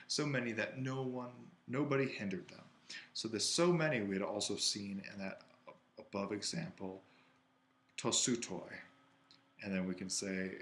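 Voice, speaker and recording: A man's voice: on the low side, fairly bright tone, slight background noise, rough recording. A man teaching an ancient Greek exercise, thinking aloud and correcting himself as he writes. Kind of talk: worked-exercise lesson.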